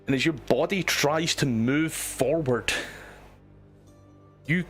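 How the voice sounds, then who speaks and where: A man running a tabletop game as game master, narrating in a relaxed, descriptive way. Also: a little high, slow, breathy edge, soft background music.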